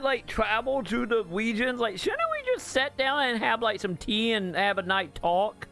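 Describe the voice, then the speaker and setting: A man's voice: very high voice, very animated, measured pace, creaky, hardly any pauses, pushed and bright, soft background music. A man hosting a gaming channel, ranting casually about a game's story, rambling with fillers and restarts and swearing bluntly when exasperated.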